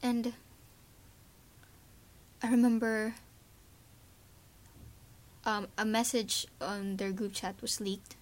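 Speaking slowly with long pauses, this Filipino podcast host uses a mid-range voice with fairly even intonation. She shares her opinions casually, in an earnest, emotional way sprinkled with fillers.

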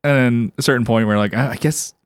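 A relaxed man chatting on a casual podcast, laughing easily and leaning on fillers as he talks. His voice sits at a middle pitch, recorded dry and close. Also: fast talker, clear, resonant tone, no room sound. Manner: laid-back, laughs often, lots of fillers. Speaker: podcast co-host and musician. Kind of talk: casual chat.

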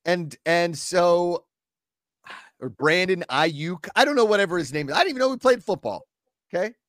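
A man in his twenties co-hosting a sports podcast, ranting in an animated, exasperated way in casual chat. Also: sits high, moderate pace, no room sound, clean studio sound. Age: 20s. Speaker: podcast co-host.

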